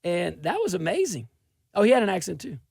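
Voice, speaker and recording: A middle-aged man from South Louisiana hosts a political talk show with a gravelly edge to his voice. He delivers an animated, sarcastic monologue and often laughs at his own points. The recording is dry and close. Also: sits high, brisk, dry recording.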